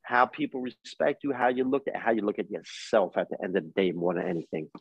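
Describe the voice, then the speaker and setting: A man's voice: on the low side, animated, fairly quick, gravelly, slightly rough, no room sound, dull audio. A man in his forties with a New York accent, a coach telling hard-won life lessons in a podcast interview, emphatic and street-wise. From East New York, Brooklyn. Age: 40s. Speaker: guest, coach.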